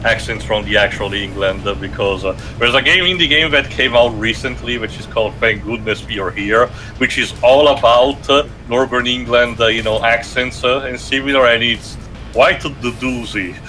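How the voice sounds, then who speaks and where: A man's voice: mid-range voice, normal speed, pushed and bright, slight background noise. A man co-hosting a casual gaming chat, rambling with lots of fillers and restarts. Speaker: podcast co-host.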